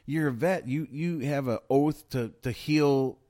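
He's a podcast co-host with a medium-pitched, warm voice and an unhurried pace, riffing on news stories and cursing and laughing a lot. The studio-quality recording is dry.

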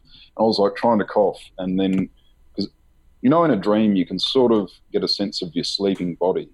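A man being interviewed about his book, telling a personal story in a halting, rambling way with many fillers and nervous laughs. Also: sits low, a little mellow, husky, low-quality recording. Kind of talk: candid conversational storytelling.

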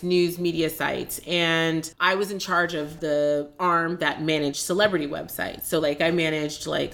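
A woman guest on a podcast telling a personal story candidly, chatty and animated, with many filler words. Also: on the low side. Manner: animated, acts out quoted dialogue.

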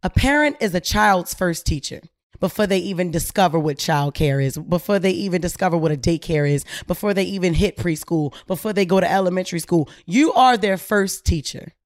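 A woman's voice: lowish voice, a little fast, no room sound, clean studio sound. A woman hosting a casual talk show, telling a story in slangy, emphatic speech and acting out the people she quotes. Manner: animated, acts out quoted voices, slangy and emphatic. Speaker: podcast host.

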